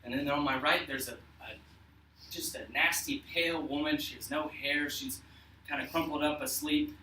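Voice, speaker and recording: A young man telling a personal story to an audience, earnest and emotional, with halting restarts. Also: fairly high pitch, steady tone, bright, forceful tone, reverberant, distant mic, slight background noise, poor audio.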